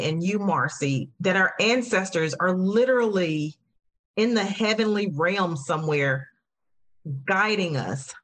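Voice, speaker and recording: Casting: woman podcast host, lower voice, earnest and emotional, affirming tone. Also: a bit bright. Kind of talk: heartfelt conversational podcast talk.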